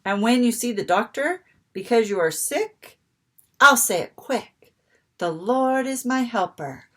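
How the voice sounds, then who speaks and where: A woman's voice: on the high side, animated, unhurried, pushed and bright, pitched above the performer's own voice, exaggerated voice. A woman voicing a small, sleepy, frightened little girl who grows earnest and brave.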